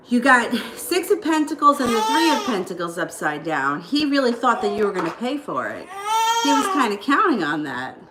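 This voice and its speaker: A woman giving a casual live tarot reading, chatty and reassuring as she answers viewers. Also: medium pitch. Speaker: tarot reader. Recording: echoey room with clear background noise.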